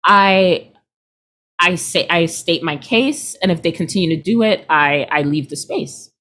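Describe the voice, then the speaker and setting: A woman's voice: lowish voice, unhurried. A woman in her thirties, a guest in an interview, talking casually and animatedly, often acting out what other people said. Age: 30s. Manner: chatty, animated, quotes people in put-on voices, laughs often.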